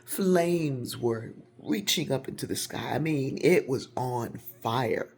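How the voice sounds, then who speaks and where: A woman telling a personal story casually to camera, animated and growing louder and quicker as it builds. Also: a bass voice, husky.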